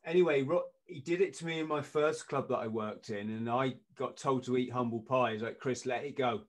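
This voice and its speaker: A man's voice: mid-range voice, a little fast. A middle-aged man, a podcast guest telling stories in casual chat and acting out what people said. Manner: lively anecdotes, acting out quoted lines in punchy bursts.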